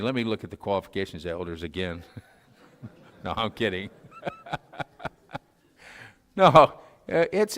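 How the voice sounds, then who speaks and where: A man delivers a sermon in a relaxed, folksy way, tripping over his words with plenty of "uh"s and light chuckles. His voice sits at an ordinary middle pitch and carries a long church-hall reverb. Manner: folksy, self-deprecating, frequent fillers and chuckles. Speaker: preacher. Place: church sanctuary.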